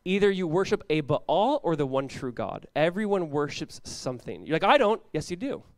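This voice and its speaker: High-voiced animated young male pastor. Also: moderate pace, no room sound. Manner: casual, animated preaching with frequent "like" and laughs. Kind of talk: sermon.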